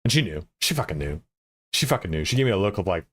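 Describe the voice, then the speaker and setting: A man's voice: low voice, very animated, rapid-fire, a bit bright, no room sound. A man chatting casually and profanely with viewers as a game streamer, rambling with lots of filler words.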